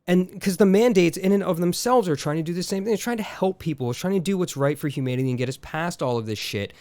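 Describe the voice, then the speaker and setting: A man's voice: high voice, quick pace, a little mellow, dry recording. Exasperated man rambling on a podcast. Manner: rambling, exasperated, lots of fillers and restarts. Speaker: podcast co-host. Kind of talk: casual chat.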